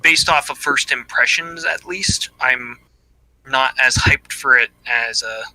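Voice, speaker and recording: A man co-hosting a casual podcast, speaking hesitantly with many pauses and fillers. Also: mid-range voice, pushed and bright, poor audio. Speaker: podcast co-host. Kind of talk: casual live-stream chat.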